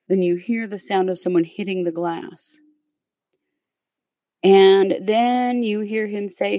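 A woman recounts a true crime case in a relaxed, conversational way, walking through events step by step with the odd filler. Her voice is low and gravelly with a mellow tone, and it sounds dry and close. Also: unhurried, no room sound. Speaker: podcast host telling a true crime case. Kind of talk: casual true crime storytelling.

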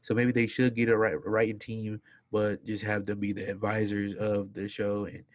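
A man's voice: on the low side, little pitch movement, normal speed. Emphatic ranting male podcast host. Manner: ranting, emphatic, repeats words. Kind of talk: casual podcast chat.

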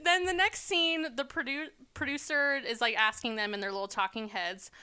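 A woman's voice: on the high side, fairly even intonation, normal speed, pushed and bright, smooth. A woman co-hosting a podcast, chatting casually and laughing often with lots of filler words. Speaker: podcast co-host. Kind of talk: casual chat recapping a TV show.

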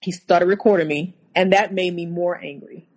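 A woman, a guest on an interview show, recounting a personal story haltingly, with many restarts. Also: on the low side, fairly even intonation, a little mellow, rough recording.

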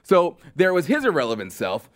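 A man's voice: fairly high pitch, huge pitch swings, normal speed. A male podcast host delivering a sarcastic, mocking political commentary monologue with exasperated outbursts.

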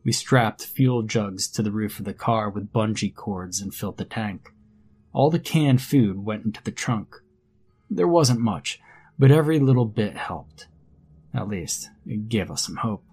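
A man narrating a first-person horror story in a measured, grim storytelling manner. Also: fairly low pitch, lively intonation, a little mellow, breathy edge. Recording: faint background music under narration.

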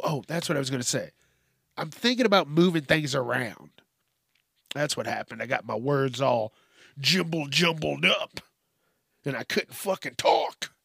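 Gravelly guy drawling slow, cussing and rambling on his own podcast, dry close mic. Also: mid-range voice, a bit bright, dry recording. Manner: profane, rambling, talks about himself in third person. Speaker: podcast host. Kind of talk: rambling solo podcast chat.

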